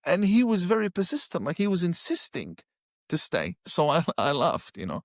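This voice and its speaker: A man's voice: on the high side, dry recording, studio quality. A middle-aged man, telling a personal story with emphasis and acting out what he once said. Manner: emphatic, acts out his own past words. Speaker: guest telling his conversion story.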